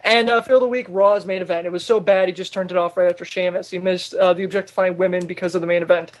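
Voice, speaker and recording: A man hosting a casual podcast chat, ranting with animated exasperation and laughing often. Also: high voice, fast. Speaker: podcast host.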